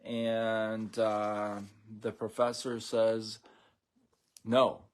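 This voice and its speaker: A man hosting a casual live stream, talking in a relaxed, rambling way with many fillers and restarts. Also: lowish voice, extremely slow, clean tone.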